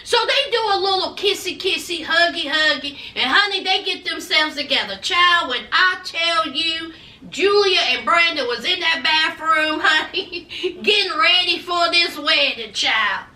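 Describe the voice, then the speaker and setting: A woman recaps reality TV in a sassy, chatty gossip style, tossing in honey and child all the time. Her voice is very high and piercingly bright. She sits a bit back from the mic in an echoey room. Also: measured pace, distant mic. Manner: sassy and animated, calls viewers honey and child.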